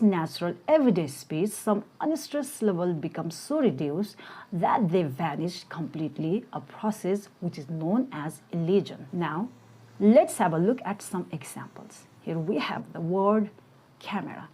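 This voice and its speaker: A woman reading a scripted English lesson, slowing down to model word pronunciations. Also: on the low side, a little mellow, husky. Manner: slow, deliberate pronunciation drills. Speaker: English teacher.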